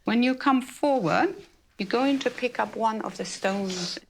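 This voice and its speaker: A woman facilitating a group healing session, speaking in a gentle, reassuring way as she guides people through each step. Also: fairly high pitch, a little slow, gravelly, slight background noise. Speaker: workshop facilitator.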